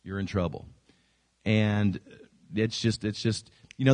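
A man's voice: fairly low pitch, takes it slowly, no echo. A man preaching a sermon as a pastor, telling stories with acted-out quotes and repeated phrases. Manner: animated storytelling, acting out quotes and repeating phrases.

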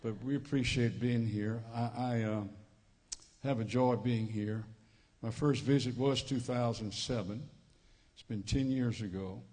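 A man with a Cajun accent delivers a sermon from a church pulpit, folksy and joking, often repeating himself. His voice sits in a middle pitch. The church microphone carries a long, reverberant hall echo. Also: steady tone, measured pace, darkish tone. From Louisiana Cajun country. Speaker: visiting preacher. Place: church sanctuary.

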